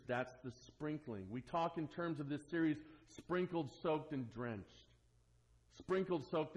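A male pastor with a fairly high voice delivers a sermon to his church. He swings from ringing, emphatic lines down to soft, hushed asides, with an earnest, lively delivery. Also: low-quality recording.

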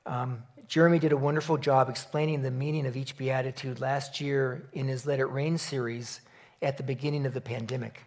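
A man's voice: medium pitch, darkish tone. Man preaching a sermon, storytelling. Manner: storytelling, then earnest and reflective. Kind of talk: sermon with an opening joke.

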